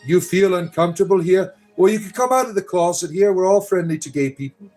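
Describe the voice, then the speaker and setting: A middle-aged man hosts a casual livestream, joking and rambling through viewer comments and often tagging his lines with "right?". His voice sits a bit higher than most men's, and faint music plays in the background. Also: a little fast, a little mellow. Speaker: livestream host.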